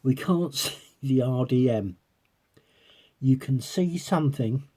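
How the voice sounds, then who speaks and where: A man takes his time in a mellow, slightly rough mid-range voice while vlogging about coin collecting. Peering through a magnifier, he rambles casually to his audience and keeps slipping into giggles.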